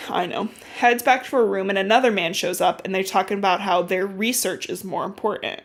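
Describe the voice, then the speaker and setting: A woman hosting a podcast, recapping a book in casual, animated storytelling full of swearing and "like"s. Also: mid-range voice, brisk. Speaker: podcast host.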